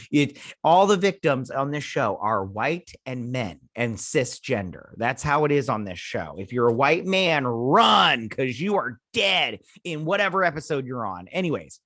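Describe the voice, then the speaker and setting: Male reviewer host, casual and rambling, quick to laugh and complain; average pitch, dry recording. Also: dry recording. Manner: rambling, blunt, laughs often, retells scenes with "she's like". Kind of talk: casual episode recap and review.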